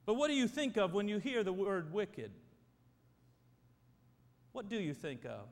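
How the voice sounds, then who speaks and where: A man's voice: high-pitched, animated, measured pace. A man preaching as a pastor, praying emphatically and calling on his congregation to answer. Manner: emphatic, prayerful, calls for congregation responses. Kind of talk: sermon. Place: church sanctuary. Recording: reverberant church hall.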